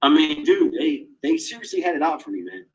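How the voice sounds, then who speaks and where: Agitated, swearing man with a husky voice. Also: very high voice, wildly swooping pitch, brisk, a little mellow, rough recording. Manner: agitated, profane, heavy swearing. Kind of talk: casual monologue.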